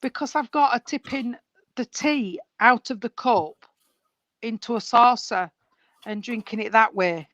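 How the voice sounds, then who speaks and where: A woman's voice: fairly high pitch, a little slow, a bit bright, no room sound, low-quality recording. A woman working as a spiritualist medium, chatty and rambling, calling people sweetheart and darling as she gives a reading over a video call. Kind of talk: live mediumship reading at an online service.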